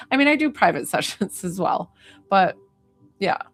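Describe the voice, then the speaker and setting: A young woman working as a psychic medium, chatting to viewers on a live stream in a gushing, bubbly way, full of "like" and excited squeals. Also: mid-range voice, measured pace, no echo, faint music behind. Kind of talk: live-stream reading and chat.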